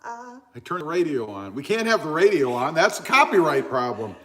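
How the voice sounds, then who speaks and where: A man hosting a casual livestream, talking loudly and reading out viewer comments. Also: on the high side, moderate pace, crowd noise. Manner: loud, animated, reads viewer comments. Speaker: livestream host.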